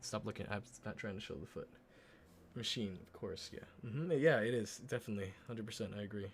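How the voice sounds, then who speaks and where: Low-voiced casual streamer, swearing freely. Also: male voice, brisk, slight background noise. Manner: relaxed, swears often, talks to chat while working; mutters softly while concentrating. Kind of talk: casual live-stream chat while painting miniatures.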